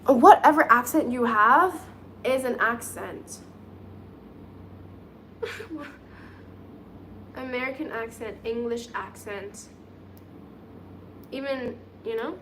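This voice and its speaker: Giggly, chatty woman, fairly high voice. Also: slow pace, pauses often, slight background noise. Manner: chatty, giggly, thinks aloud; doing her nails while talking. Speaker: livestream host reading chat. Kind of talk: casual live-stream chat.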